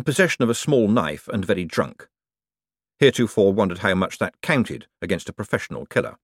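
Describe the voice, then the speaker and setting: A man narrating an audiobook in an expressive, storytelling manner. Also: lowish voice, a little fast, no room sound, clean studio sound.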